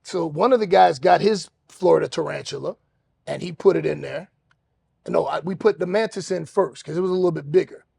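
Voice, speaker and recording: A man hosting a podcast, telling a story in an animated way and acting out other people's voices. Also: a little high, a little fast, gravelly, slightly rough, no room sound. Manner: acts out other voices, shouting and laughing. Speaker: podcast host.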